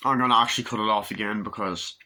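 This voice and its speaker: A man giving a casual, rambling movie review, swearing freely and acting out scenes in high put-on voices, recorded on a camera mic. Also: steady tone, quick pace, background noise.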